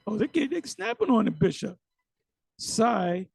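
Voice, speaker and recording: A man's voice: high voice, sing-song, moderate pace, vocal fry, a little mellow, slightly rough, dry recording. A man giving casual, emphatic commentary on a sermon video. He often repeats words and uses slang.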